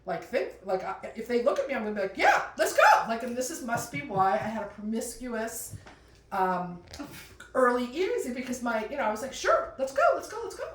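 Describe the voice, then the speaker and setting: A middle-aged woman doing stand-up storytelling in a chatty, animated way, jumping into high voices when she quotes people. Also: fairly quick. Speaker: comedian telling a personal story. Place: room with a live audience. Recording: roomy, distant mic with faint ambience.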